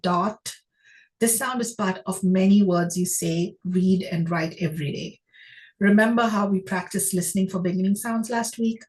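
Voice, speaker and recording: A woman's voice: fairly low pitch, low-quality recording. A woman teaching a phonics lesson, who asks her class questions and praises each answer.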